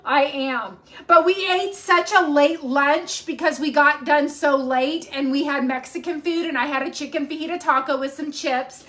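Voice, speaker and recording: A woman's voice: high-pitched, moderate pace, hardly any pauses, pushed and bright. A woman hosting a home cooking live stream, chatting in a rambling way with lots of ums as she cooks in her kitchen. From Texas. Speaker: cooking show host.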